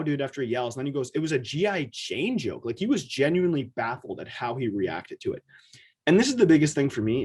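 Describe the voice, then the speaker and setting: A man co-hosting a podcast in a casual chat, talking in an animated way and acting out quotes in quick asides. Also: medium pitch, husky. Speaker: podcast co-host.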